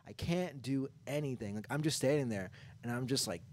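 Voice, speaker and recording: Fast-talking man telling a rambling story. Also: medium pitch, darkish tone, no echo. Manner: rambling, lots of filler "like". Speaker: podcast co-host. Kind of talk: casual storytelling chat.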